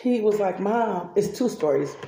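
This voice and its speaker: A woman's voice: medium pitch, lively intonation, normal speed, mellow, reverberant, slight background noise. A woman and mother telling family stories over breakfast in a casual, chatty way, laughing often. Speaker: vlogger and mother. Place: home kitchen table.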